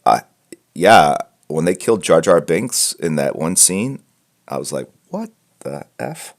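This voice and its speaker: A man hosting a live art critique stream chats casually and rambles, joking, filling and restarting, headphones on, in a room at home heaped with comic books. His voice rumbles low with lively intonation and an unhurried pace.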